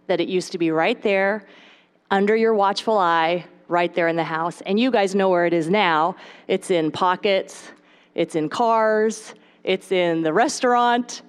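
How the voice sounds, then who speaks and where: A woman's voice: mid-range voice, smooth. A woman in her thirties from the United States, giving a live talk to a moms' group from a podium and chatting straight to the audience. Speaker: speaker at a moms' gathering. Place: stage at a podium.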